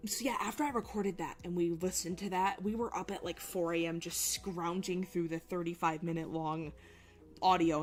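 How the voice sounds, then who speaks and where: Low-voiced young woman telling a story. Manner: rambling, swears freely. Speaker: streamer. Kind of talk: casual storytelling.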